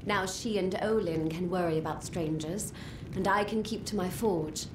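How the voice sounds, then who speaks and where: A woman's voice: on the low side, moderate pace, natural voice. An actress voicing a plain-spoken village woman blacksmith in a game, heard through echoey, noisy game audio from a distance.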